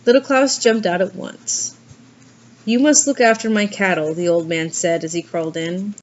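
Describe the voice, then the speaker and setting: A woman reads a storybook tale aloud at a medium pitch, giving each character a voice of its own through changes in pitch and pace. The recording sounds muffled and slightly dull. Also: fairly even intonation, moderate pace, slight background noise. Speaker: reader.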